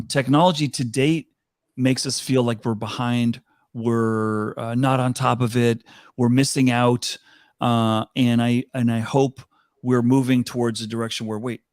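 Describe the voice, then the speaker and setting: A man's voice: mid-range voice, darkish tone, dry recording. An older man speaking as an interview guest, earnest and thoughtful, with fillers and restarts. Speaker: guest, talent advisor. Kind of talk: reflective interview talk.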